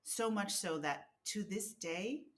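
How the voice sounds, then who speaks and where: A woman speaking in a thoughtful, measured way in a casual interview. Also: mid-range voice. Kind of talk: casual conversation.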